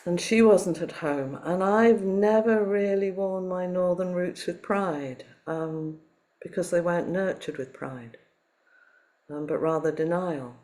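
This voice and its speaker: A woman from Liverpool, without a Liverpool accent, giving a Zen dharma talk in a reflective, gentle way with many pauses. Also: lowish voice. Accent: none, not Liverpool; Southern English. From Liverpool, England.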